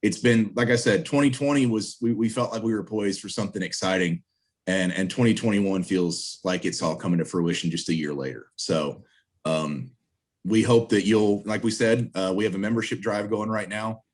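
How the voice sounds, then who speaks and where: Deep-voiced man appealing for volunteers. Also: moderate pace. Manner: earnest, upbeat, appealing for volunteers. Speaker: trail association president, interview guest. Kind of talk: casual video-call interview. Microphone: video call.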